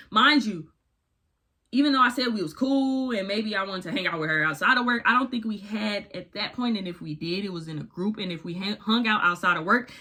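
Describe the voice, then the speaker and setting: A young woman tells a personal storytime in a loose, slangy, candid way. Her voice sits at an ordinary middle pitch, and she speaks with animated energy. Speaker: vlogger. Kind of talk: casual storytime narration.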